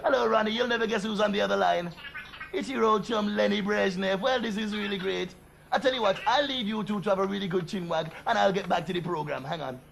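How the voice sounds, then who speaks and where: Gravelly brash man on a phone gag. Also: sits high, fast, noisy background. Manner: brash, cheeky, boastful. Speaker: comedy presenter doing a prank phone call sketch. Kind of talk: comic monologue on a phone call.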